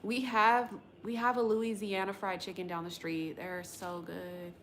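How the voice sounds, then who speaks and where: Her delivery is flat and measured, her voice medium in pitch and fairly bright, with a little hiss or hum on the recording. She's a woman from the US West Coast hosting a tarot livestream, chatting in a slangy, rambling way with viewers and swearing casually.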